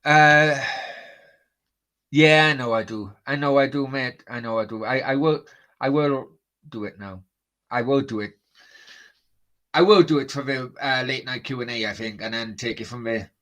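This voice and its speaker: A man's voice: mid-range voice, moderate pace, long pauses, fairly bright tone. A man hosting a football watchalong stream, chatting bluntly and swearing as he answers his chat. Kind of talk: casual live-stream chat.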